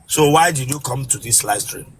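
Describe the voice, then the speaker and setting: A man with a Nigerian accent whose first language is Igbo, hosting a comic live stream in a blunt, teasing way and breaking into shouts. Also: medium pitch, normal speed, slight background noise. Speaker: comedian host of a live stream.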